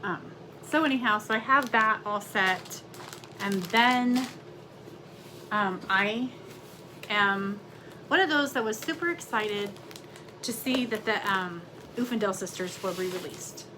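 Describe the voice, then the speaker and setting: A woman's voice: medium pitch, measured pace, background noise. A middle-aged woman, chatting casually and rambling with lots of fillers as she shows her stitching projects from her craft room at home. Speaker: cross-stitch vlogger. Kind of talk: casual chat.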